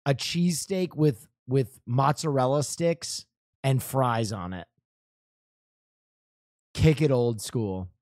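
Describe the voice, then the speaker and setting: A young man from New Jersey riffs over a show he is watching, cursing freely and laughing as he rambles. His voice sits at an ordinary pitch and sounds dry and close, with no room around it. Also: slow pace, pauses often, darkish tone, no room sound. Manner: loose, profane, laughing, rambling. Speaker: commentator reacting to a show. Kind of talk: casual reaction chat.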